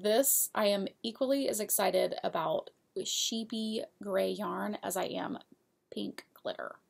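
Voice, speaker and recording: A woman hosts her knitting show in a relaxed, unhurried way, chatting to viewers like friends. Her voice is strongly gravelly with heavy fry and a husky edge. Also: medium pitch. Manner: chatty, giggly, talks straight to viewers. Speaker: knitting podcast host. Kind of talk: casual show-and-tell of yarn purchases.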